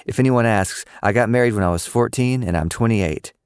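A man voicing a patient, good-humored young mother who answers a child's questions calmly with dry humor. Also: fairly low pitch, brisk, clean tone, no room sound, pitched above the performer's own voice, natural voice. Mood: amused. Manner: calm, amused, deadpan humor.

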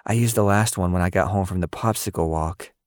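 A man voicing a weakened boy who speaks softly and wearily in an audio story. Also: low voice, a little fast, no room sound, clean studio sound, lightly acted. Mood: weary. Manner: soft and weary. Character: tired, weakened boy with powers.

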